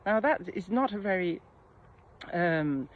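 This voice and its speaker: A middle-aged woman giving a casual coaching talk, reflective and pausing often with soft fillers. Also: on the low side, expressive. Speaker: mindset coach. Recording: slightly muffled with faint background noise.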